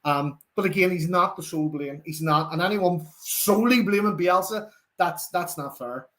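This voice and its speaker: Animated Northern Irish man, fairly high voice. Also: normal speed. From Northern Ireland. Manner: chatty, animated, reads out viewer comments. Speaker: fan channel host. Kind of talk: live football watchalong chat.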